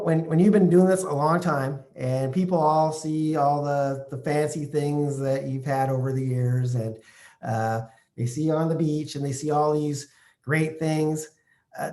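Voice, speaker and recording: A real estate investor from Canada, telling a personal story to camera in a halting way, full of fillers and restarts. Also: male voice, a little high, a little mellow.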